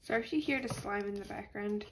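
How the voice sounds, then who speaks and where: A woman with a stuffy nose from allergies, calmly talking through a step-by-step craft tutorial and apologizing now and then. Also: medium pitch, quick pace, slight background noise. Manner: patient, apologetic instructions.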